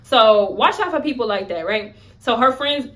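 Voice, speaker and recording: A woman's voice: on the high side, lively intonation, normal speed, a bit bright. A young woman vlogger telling a personal story in a candid, emphatic, conversational way. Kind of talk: story-time vlog.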